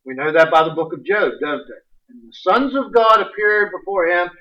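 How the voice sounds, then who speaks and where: A man preaching a sermon, animated and folksy, reading scripture aloud with sudden bursts of emphasis. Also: high voice, normal speed. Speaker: pastor. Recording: distant, muffled livestream audio.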